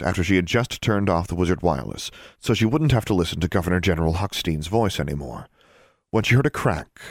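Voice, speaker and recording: Deep-voiced male audiobook narrator. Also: no echo, clean studio sound. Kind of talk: scripted narration.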